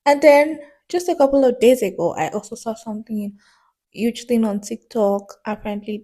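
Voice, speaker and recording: A young woman talks through her thoughts on books in a relaxed, chatty vlog, now and then breaking into a laugh. Her voice is soft and mellow rather than bright, with a slight sick heaviness to it. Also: medium pitch. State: sick, a bit congested. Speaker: book vlogger. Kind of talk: casual vlog commentary.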